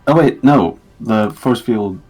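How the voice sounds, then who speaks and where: A man's voice: fairly low pitch, takes it slowly, darkish tone, soft background music. A man running a tabletop game as game master, thinking aloud and counting out moves.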